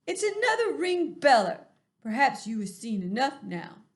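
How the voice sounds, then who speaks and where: A woman's voice: high voice, very animated, moderate pace. A woman voicing a big, friendly old male giant who talks cheerfully in mangled grammar.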